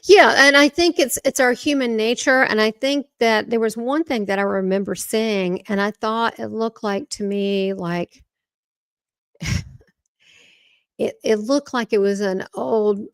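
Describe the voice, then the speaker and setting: A woman with a Southern US accent, a guest on an interview podcast, telling stories in a rambling, excitable way. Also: on the high side, slow, clear, resonant tone, no room sound. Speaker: guest, spiritual medium. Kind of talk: casual interview talk.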